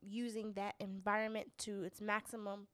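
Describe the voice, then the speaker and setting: A woman's voice: medium pitch, level tone, normal speed, fairly bright tone, no room sound. A woman co-hosting a casual chat, chatty and laughing easily. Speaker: podcast co-host.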